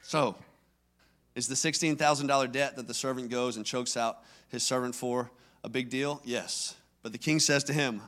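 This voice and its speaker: A man's voice: medium pitch, fairly even intonation, normal speed, a bit bright. A man from Louisiana, preaching a sermon and telling his own story in an earnest, conversational way that grows emphatic. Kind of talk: personal testimony sermon.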